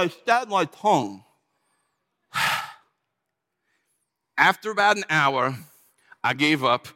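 Man, dramatic first-person sermon, animated, exclamatory, high voice, long reverb. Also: slow, long pauses. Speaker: preacher.

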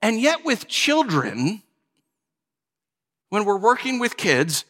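A man's voice: high-pitched, huge pitch swings, slow, fairly bright tone. A man preaching a sermon as pastor, conversational and joking, acting out small stories. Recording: long hall reverb.

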